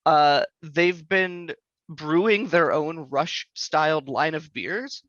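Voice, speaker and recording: A man chats loosely as a podcast co-host, joking around and ready to rant. His voice sits a little high and sounds bright and forceful. The sound is dry, close, and a little muffled, like a modest lo-fi mic. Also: slow, dry recording. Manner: joking, prone to ranting. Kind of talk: casual chat.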